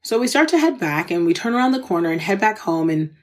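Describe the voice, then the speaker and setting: Her fairly low voice moves at a quick pace with big swings in pitch. She hosts a podcast and recounts a personal memory with earnest candor and faith, addressing listeners directly in a conversational way and clearly moved as she recalls it.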